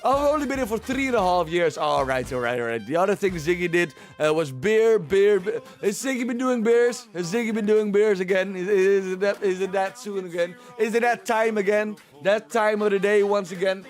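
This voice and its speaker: This livestream host has a high-pitched voice and talks at normal speed with few pauses, soft background music running underneath. At home, he rambles casually to his chat and repeats himself a lot.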